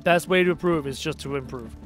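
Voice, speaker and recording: This Canadian streamer has a fairly high, slightly bright voice and talks fast over soft background music. Playing a game live, he keeps up sarcastic, casual banter and answers chat messages aloud.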